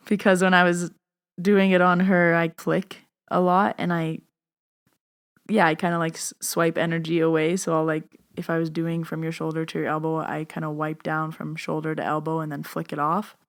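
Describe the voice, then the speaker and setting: A woman's voice: deep voice, normal speed. Chatty woman podcast host telling a story. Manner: chatty, animated, lots of "like". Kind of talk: casual storytelling.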